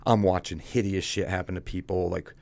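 A man's voice: low voice, level tone, brisk, gravelly, a little mellow. A man telling his own story as a guest, speaking bluntly and casually and calling the host "dude".

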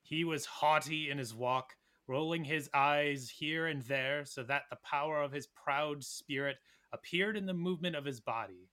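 A man's voice: a little high, sharp tone. A man doing a grave game-master narrator voice. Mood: solemn. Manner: slow, weighty, theatrical reading. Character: grave male fantasy game-master narrator reading an ancient chronicle.

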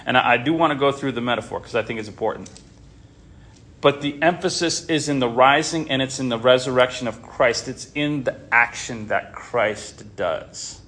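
A man's voice: mid-range voice, moderate pace, a bit bright. A man teaching a Bible class in an informal way, often stopping short, restarting and repeating words as he talks.

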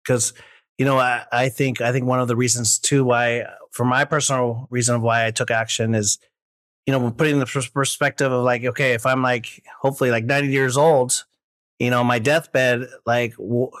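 Male podcast host, mid-pitched, encouraging and reflective, dry close mic. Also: fairly even intonation, moderate pace, a bit bright, dry recording. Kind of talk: casual interview talk.

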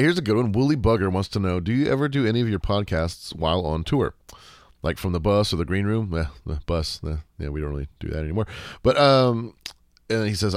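A man's voice: lowish voice, no room sound, studio quality. A man hosting a casual solo Q&A podcast, laid-back and sarcastic, swearing freely and rambling with lots of fillers and restarts. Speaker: podcast host.

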